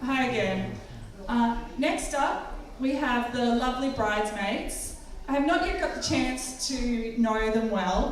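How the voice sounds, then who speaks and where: A woman's voice: fairly high pitch, slight background noise. A woman acting as master of ceremonies, introducing the next speakers in a friendly, explanatory way. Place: wedding reception hall. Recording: echoey hall, distant mic.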